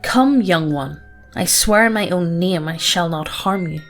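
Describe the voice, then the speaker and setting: A woman voicing a raspy male forest monster. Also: lowish voice, soft background music. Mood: menacing. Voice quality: rough, raw, rasping. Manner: slow, archaic, formal speech. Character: rough-voiced male forest monster, sly and menacing.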